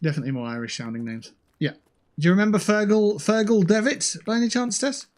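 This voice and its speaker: A man's voice: sits high, quick pace. A man chatting casually on a gaming livestream, joking and swearing at opponents while he plays and talking into a headset mic. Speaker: streamer playing a shooter game.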